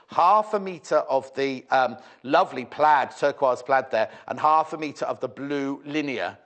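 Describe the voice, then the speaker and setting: A man's voice: a little high, fairly bright tone. A man presenting fabric on a live shopping channel, chatty and bubbly with rambling asides and a slightly sore throat. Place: TV studio.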